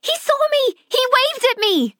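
A woman doing a squealing excited little boy. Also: extremely high pitch, a little slow, dry recording, clean studio sound, pitched above the performer's own voice, exaggerated voice. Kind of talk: audiobook narration.

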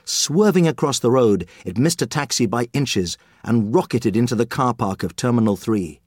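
A man reading a children's story aloud as an audiobook narrator, with lively, expressive storytelling. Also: medium pitch, normal speed, breathy edge, no echo, clean studio sound.

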